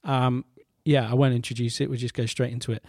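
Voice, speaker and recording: Male host, casual and halting, dry close sound, mid-range voice. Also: medium pitch, little pitch movement, darkish tone, no room sound. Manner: halting, many fillers and restarts, wry asides. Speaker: radio show host. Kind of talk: casual show presenting.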